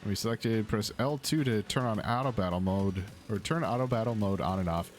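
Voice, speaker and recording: A man's voice: on the low side, a little fast, soft background music. A male streamer giving casual, rambling commentary on a video game, with hesitations.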